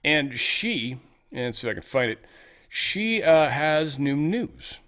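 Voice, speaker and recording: A man's voice: a little high, sing-song, slow, a bit bright. A middle-aged man hosting a casual talk show, rambling and sarcastic, often stumbling and restarting his sentences. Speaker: host. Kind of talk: casual political talk and product pitch.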